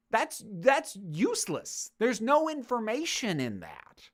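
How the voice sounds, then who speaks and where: A woman's voice: a little high, sing-song, a little slow, hardly any pauses. A woman answering viewer questions in a casual monologue, speaking passionately, getting worked up and swearing freely.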